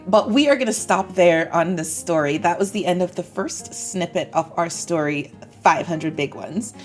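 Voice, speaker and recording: A woman with an American accent teaching English to camera in a chatty, upbeat way. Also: lowish voice. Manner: chatty, upbeat, acts out example phrases. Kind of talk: explaining lesson to camera.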